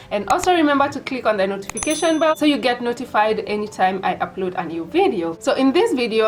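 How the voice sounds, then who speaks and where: A woman's voice: on the high side, poor audio. A young woman from Kenya with a Kenyan accent, chatting casually to her viewers in a vlog. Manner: chatty and direct, addresses viewers as "you guys". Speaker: vlogger. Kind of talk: casual vlog talk to camera.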